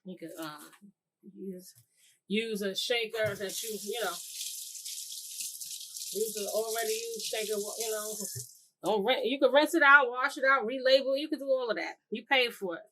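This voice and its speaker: A woman with a somewhat high voice hosts a casual cooking tutorial at a moderate pace, pausing often over some background noise. She's chatty and calls her viewers "y'all," rambling with plenty of fillers and restarts as she circles back on herself.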